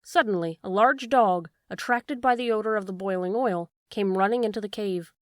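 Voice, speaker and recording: A woman narrating a classic children's storybook with a steady, expressive delivery. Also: mid-range voice, moderate pace, dry recording. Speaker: audiobook narrator. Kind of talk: storybook reading.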